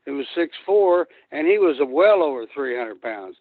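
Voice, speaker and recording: A man's voice: on the high side, animated, normal speed, dry recording. Older man telling rambling, profane stories over a tinny phone line. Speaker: guest wrestler. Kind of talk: storytelling on a phone-in.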